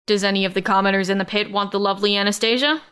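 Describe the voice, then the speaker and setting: A woman's voice: medium pitch, steady tone, racing, fairly bright tone, smooth, lightly acted. A woman voicing a cold, grudging father. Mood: flat announcing. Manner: formal, unenthusiastic announcer. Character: cold, aloof middle-aged father, male.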